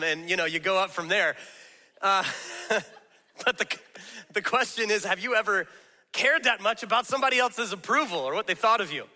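A man's voice: high voice, sharp tone, in a large hall. A man preaching a casual, storytelling sermon as pastor, talking conversationally and laughing at himself often. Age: adult with young children.

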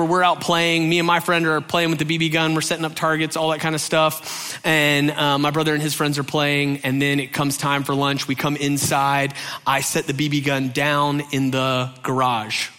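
A man's voice: a little high, normal speed. Man animatedly telling a funny story. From Georgia, US. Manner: animated, acts out quoted voices, frequent "right?" asides. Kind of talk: humorous personal anecdote.

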